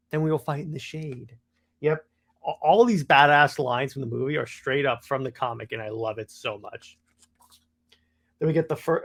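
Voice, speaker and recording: A man talks through a comic book in a casual review, clearly excited about it. His delivery is loose and rambling, full of fillers and false starts. His voice sits at an ordinary middle pitch. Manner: enthusiastic, loose and rambling, many fillers and restarts.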